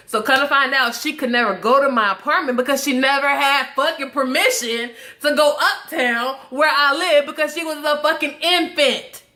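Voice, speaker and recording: A young adult woman telling a casual storytime monologue to her viewers, animated and profane, breaking into laughing asides. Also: high voice, normal speed, hardly any pauses. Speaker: vlogger.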